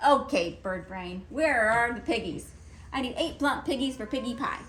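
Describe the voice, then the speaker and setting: Woman putting on a screechy, bossy storybook witch, high and loud, big pitch swings, hungry and cranky. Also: animated, moderate pace. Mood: demanding. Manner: bossy, demanding shouts. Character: greedy screeching witch, hungry and short-tempered. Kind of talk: storybook read-aloud.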